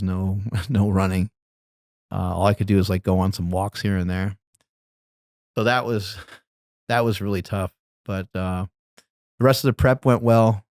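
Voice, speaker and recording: Middle-aged man, low voice, casual rambling storyteller, dry close mic. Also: dry recording. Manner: relaxed, rambling, laughs while telling stories. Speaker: podcast guest.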